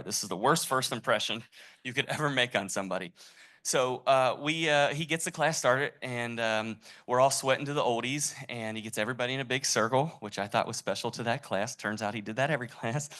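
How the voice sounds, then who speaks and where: A man sharing an animated personal story at a tribute gathering, laughing as he talks. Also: mid-range voice, moderate pace. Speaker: event attendee sharing a memory.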